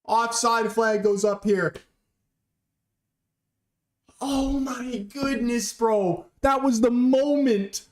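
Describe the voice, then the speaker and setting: A man reacting live to a football match, excitable and pleading, swearing often, in a fan watch-along. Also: very high-pitched, extremely slow, long pauses. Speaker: fan streamer.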